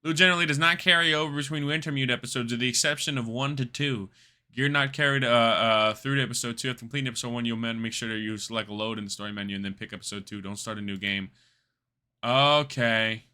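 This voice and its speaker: Excitable young male game streamer, bright voice. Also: mid-range voice, quick pace, clean tone. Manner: animated, laughing, swears a lot, slangy. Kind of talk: casual gameplay commentary.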